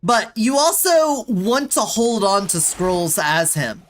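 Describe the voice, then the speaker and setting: A woman's voice: medium pitch, sing-song, takes it slowly, faint music behind. A woman streaming a video game, chatting casually with viewers and pleading in exasperation with the game. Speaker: VTuber streamer. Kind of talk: casual gameplay streaming chat.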